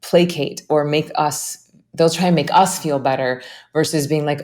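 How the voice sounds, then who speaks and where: A woman's voice: deep voice, fairly even intonation, normal speed, a little mellow. A woman meditation teacher, a podcast guest talking earnestly in a casual interview and acting out quoted voices as she goes.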